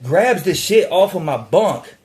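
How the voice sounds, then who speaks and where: Young guy spinning a wild prison story, cussing, gets loud and worked up. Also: high-pitched, unhurried. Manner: profane, animated, gets louder when worked up. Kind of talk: casual storytime.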